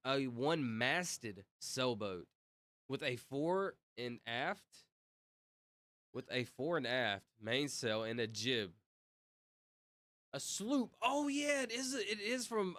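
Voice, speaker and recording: A man's voice: mid-range voice, a bit bright, dry recording. A young man chatting casually on a livestream, reading out comments and reacting in slang. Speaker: streamer.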